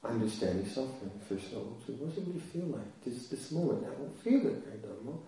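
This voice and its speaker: Buddhist monk guy telling a funny story in a dharma talk, soft mellow voice, big echo. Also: mid-range voice, expressive, quick pace. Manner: humorous, self-deprecating storytelling with frequent laughs. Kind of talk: dharma talk with personal anecdote. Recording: echoey hall, voice from far off.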